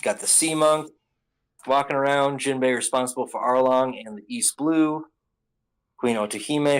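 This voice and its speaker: Man, mid-pitched voice, casual anime episode recap, rambling, lots of ums and restarts. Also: poor audio.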